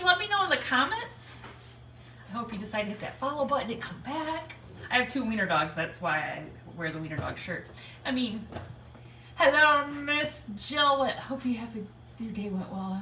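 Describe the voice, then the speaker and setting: A chatty woman hosts a live craft stream from home, calling out viewers by name and laughing often. Her voice is fairly high and bright. She sits a little back from the mic in an echoey room. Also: a little hiss or hum. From Michigan, United States. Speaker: craft livestream host. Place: home, snowy day. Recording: echoey room, speaker a bit far from mic.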